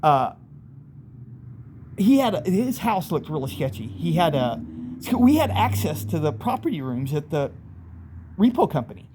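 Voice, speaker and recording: A man's voice: fairly high pitch, big pitch swings, normal speed, long pauses, a little mellow, slight background noise. Rambling man telling a wild story. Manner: rambling, vivid, acts out voices in bursts. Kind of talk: casual first-person storytelling.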